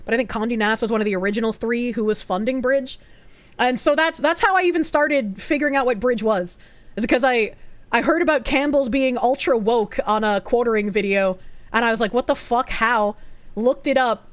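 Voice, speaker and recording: A young woman streamer rambles through a casual live chat, swearing freely and thanking donors. Her voice sits fairly high. The sound is dry and close, with no room echo. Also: fairly quick. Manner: rambling, profane, reads out donations.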